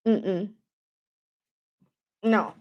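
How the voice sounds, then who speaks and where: A woman's voice: mid-range voice, steady tone, very slow, highs cut off. A young adult woman giving a casual tarot reading to camera, talking emphatically with lots of filler words and open indignation. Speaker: tarot reader.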